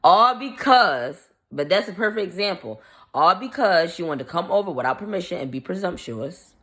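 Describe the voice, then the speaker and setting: A woman vlogger casually telling a story in a blunt, profane, irritated way, acting out the quoted dialogue. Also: lowish voice. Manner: animated, acts out the quoted dialogue.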